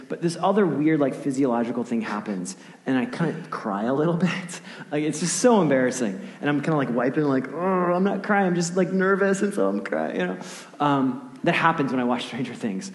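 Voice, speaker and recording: Male pastor, mid-pitch, storytelling sermon with hushed asides, long hall reverb. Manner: vivid storytelling, often dropping to a hushed near-whisper; conversational, asks the audience questions.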